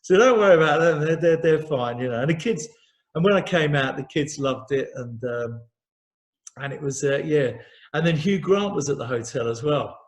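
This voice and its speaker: Singer guest, middle-aged man, chatty and self-mocking, voice sits a touch high. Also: animated, moderate pace. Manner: chatty, self-mocking, repeats words, laughs easily. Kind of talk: casual chat.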